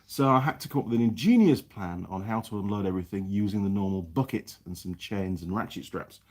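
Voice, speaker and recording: A man's voice: fairly low pitch, a little fast. A man hosting a casual live stream from his home workshop, chatting away and greeting viewers by name. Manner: chatty, reads viewer names aloud with lively greetings. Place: home workshop in New Zealand.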